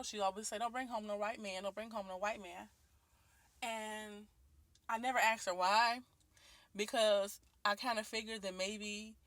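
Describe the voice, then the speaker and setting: A woman's voice: mid-range voice, fairly bright tone, no room sound. A woman in her late twenties from Detroit, talking candidly and earnestly into her phone camera, with many ums and restarts. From Detroit, Michigan, USA. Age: 20s. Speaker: vlogger. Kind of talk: personal video monologue. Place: at home and out in her neighborhood.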